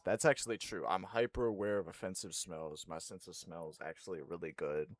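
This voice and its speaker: A man's voice: low voice, expressive, moderate pace, no room sound. A young man streaming a horror game, reacting with frequent swearing and laughs between lines. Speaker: gaming streamer. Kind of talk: casual gaming commentary.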